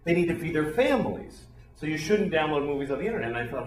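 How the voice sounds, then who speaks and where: A middle-aged man doing a rambling, deadpan stand-up set on a club stage. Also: fairly high pitch, fast. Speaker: stand-up comedian. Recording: echoey club, crowd laughter. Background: laughing audience.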